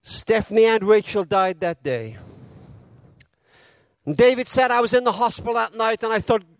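A man preaching a sermon, telling a story with dramatic pauses and retelling quotes with feeling. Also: high voice, no echo.

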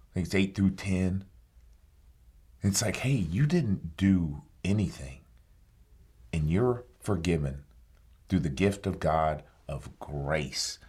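A man in his forties with a deep, husky voice. He is a former soldier and a guest on a talk show, and he tells his story in a reflective, conversational way. He acts out old dialogue as he retells it. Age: 40s.

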